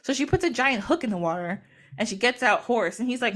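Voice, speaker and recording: Animated woman retelling a myth. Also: a little high, fast talker. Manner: animated, laughs often, acts out quotes. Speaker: podcast guest or host. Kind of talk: casual chat retelling a myth.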